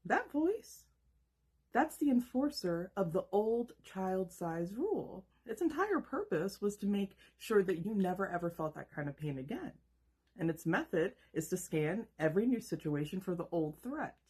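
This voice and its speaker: A woman in her thirties speaks a scripted motivational monologue, her husky voice swinging widely in pitch. She leans on rhetorical questions and lets dramatic pauses land. Her tone is emphatic and direct. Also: sing-song, darkish tone. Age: 30s. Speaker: self-help video host.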